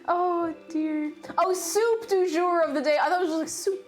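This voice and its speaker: A woman's voice: very high-pitched, steady tone, slow, long pauses. A woman live-streaming from her home kitchen while baking, chatting playfully and humming and singing to herself. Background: music.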